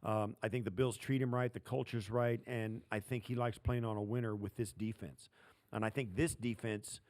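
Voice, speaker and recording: A man's voice: on the low side, normal speed. A man co-hosting a sports podcast, answering quiz questions and giving casual opinions. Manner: relaxed, answers off the cuff. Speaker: podcast co-host.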